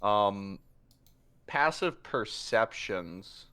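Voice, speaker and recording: A man narrating as game master in a tabletop game, halting with many fillers. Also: lowish voice, lively intonation, pushed and bright, clean tone. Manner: halting, filler-heavy narration with quick voiced asides.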